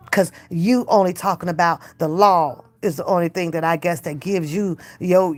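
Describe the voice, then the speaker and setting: Blunt, fiery grandmother streaming. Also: fairly low pitch. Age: older. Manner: blunt, fiery trash talk with profanity; switches to doting baby talk with a toddler. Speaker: reaction channel host. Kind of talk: casual livestream commentary.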